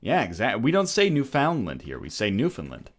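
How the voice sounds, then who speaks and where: A man's voice: lowish voice, wildly swooping pitch, brisk, fairly bright tone, breathy edge. A man in his thirties giving casual, jokey let's-play commentary, rambling and slipping into mocking voices. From Canada.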